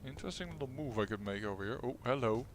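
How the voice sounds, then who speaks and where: A man hosts a let's play, talking fast in a mid-range voice with lively intonation over a noisy background and faint game music. His gameplay commentary is full of wry, self-mocking remarks.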